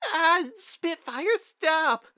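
A man doing a high-voiced young unicorn mare. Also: animated, drawn-out words, no echo, clean studio sound, exaggerated voice. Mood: excited yelling. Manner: breathless high shouting. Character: young unicorn mare, determined but anxious.

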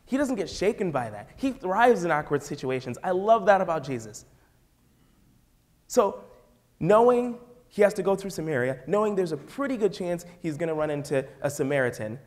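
A man with a Midwestern American accent, a youth pastor preaching a sermon and telling the story with acted-out voices. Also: high-pitched.

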